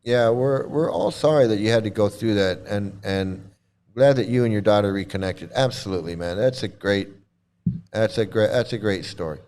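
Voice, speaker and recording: A man's voice: lowish voice, moderate pace, darkish tone, clear, resonant tone. A man hosting casual commentary as he reacts to videos, blunt and sarcastic, swearing and often restarting his phrases.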